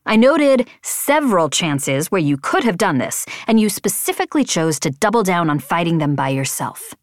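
A woman's voice: lowish voice, very animated, normal speed, no room sound, clean studio sound. A woman voicing a stern young male flight leader who speaks firmly and lectures. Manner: firm, lecturing.

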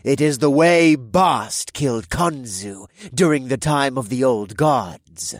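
A man's voice: medium pitch, slow pace, no room sound, clean studio sound, pitched above the performer's own voice, close to an everyday voice. A man voicing a solemn male cult leader who speaks with gravitas in an audiobook. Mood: stern. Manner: weighty, solemn.

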